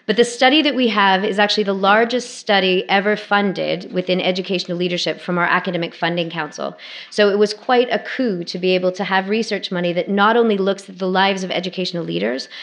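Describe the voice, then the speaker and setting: A woman around forty, an academic guest speaker, giving a public lecture to alumni with wry, self-deprecating humor in a brisk, conversational way. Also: medium pitch, a bit bright. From Canada.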